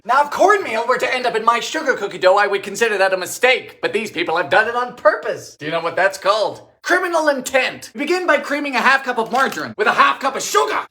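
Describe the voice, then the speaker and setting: A man talks through old recipes in a campy, sarcastic running commentary. His voice swoops up and down in a lively way, and he often breaks into sudden loud exclamations. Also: extremely high pitch. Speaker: vintage recipe cooking host. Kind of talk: comedic cooking commentary.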